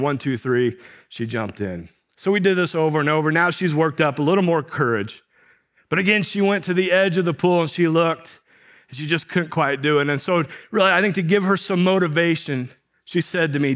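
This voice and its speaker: A man's voice: on the high side, a bit bright. A middle-aged man, a pastor, preaching a sermon in a conversational way, asking rhetorical questions.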